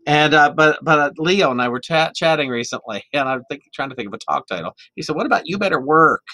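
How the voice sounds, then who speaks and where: A man giving a sermon in a church, animated and chatty, restarting often and slipping into playful quoted voices. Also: on the high side, fast, no room sound. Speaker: minister. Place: church sanctuary. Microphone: microphone.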